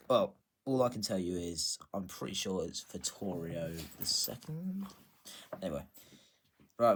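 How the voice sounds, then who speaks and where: A man casually showing his coin collection, chatty and self-deprecating, pausing to check dates. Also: medium pitch, a little mellow, slight background noise. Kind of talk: casual show-and-tell narration.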